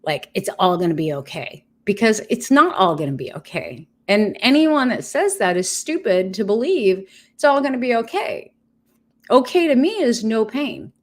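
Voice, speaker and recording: A woman's voice: medium pitch, very animated, normal speed, hardly any pauses. A woman in her fifties talking candidly to her viewers on a livestream, earnest, blunt and heartfelt. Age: 50s. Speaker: vlogger sharing her cancer treatment.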